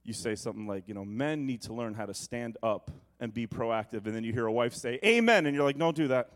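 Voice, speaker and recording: A male pastor preaching a sermon to his congregation, moving between emphatic proclamation and quiet, joking asides. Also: fairly even intonation, fast. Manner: preaching, shifting from booming to hushed asides.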